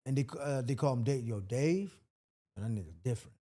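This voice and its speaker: Comedian guest, mellow warm male voice, animated storyteller, casual podcast talk. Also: mid-range voice, racing. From Washington, D.C. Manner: storytelling, acts out quotes loudly.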